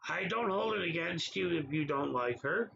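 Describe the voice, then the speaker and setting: A man's voice: a little high, lively intonation, moderate pace, creaky, a bit bright, lo-fi sound, slight background noise. A man hosting a casual livestream, talking back to viewers in the chat by name in an exasperated way. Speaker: livestream host.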